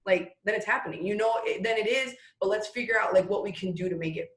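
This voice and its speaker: A woman's voice: medium pitch, quick pace. A woman talking business motivation as a guest, rambling and restarting her sentences as she speaks straight to the listeners. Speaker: network marketing leader guest. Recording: roomy echo.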